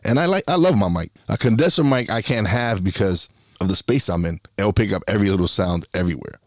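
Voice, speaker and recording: A man in casual conversation as a guest, speaking close to a dynamic microphone, relaxed and often restarting his sentences. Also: fairly low pitch, quick pace, dry recording. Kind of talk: casual chat. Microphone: dynamic mic, spoken up close.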